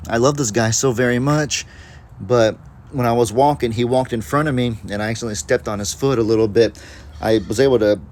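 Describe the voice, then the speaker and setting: Farm-vlog host, a man of average pitch, rambling and chatty on a handheld phone outdoors, with faint noise behind him. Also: a little mellow. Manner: chatty, rambling, talks to animals in a sing-song pet voice. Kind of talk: casual live-stream chat. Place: outdoors on a farm among animals. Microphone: handheld phone camera.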